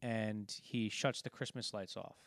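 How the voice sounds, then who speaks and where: A man's voice: lowish voice, steady tone, a little slow, no room sound. A man casually talking through a film, rambling and acting out quoted lines as he retells scenes. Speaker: podcast co-host.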